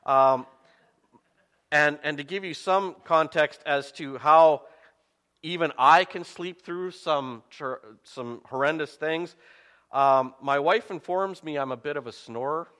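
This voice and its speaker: A man preaching a sermon as a pastor, telling the story in an animated way with self-mocking humor. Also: fairly high pitch, slow, long reverb tail.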